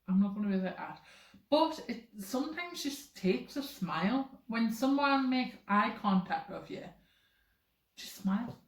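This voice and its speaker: A woman's voice: on the high side, animated, a little slow. A young woman talking casually to camera, rambling with lots of fillers. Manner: rambling, filler-heavy, chatty. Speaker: vlogger. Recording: roomy echoey room.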